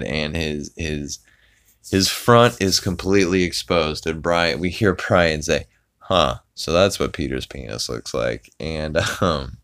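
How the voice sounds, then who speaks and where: A man's voice: low voice, clean tone. A man hosting a podcast, casually recapping a cartoon episode with laughs, swearing and lots of fillers. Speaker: podcast host.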